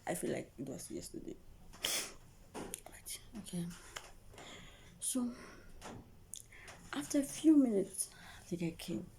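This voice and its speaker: A young woman vlogger with a fairly low, mellow voice tells her viewers an emotional story. She often drops into a whisper, repeats herself, and keeps addressing the audience.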